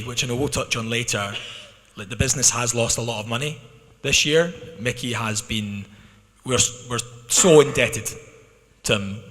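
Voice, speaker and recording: A Scottish man from a club's management team answering fans' questions in an arena, lively and quick with frequent restarts. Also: medium pitch. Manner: animated, talks fast with restarts. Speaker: club management speaking at a fan Q&A. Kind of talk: candid spoken answers to fans. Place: arena hall. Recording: long arena reverb.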